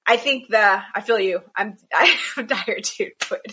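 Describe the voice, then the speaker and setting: A woman's voice: mid-range voice, moderate pace, pushed and bright, a little hiss or hum. A woman co-hosting a casual chat over a call, rambling with many restarts. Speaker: podcast co-host. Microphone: video call.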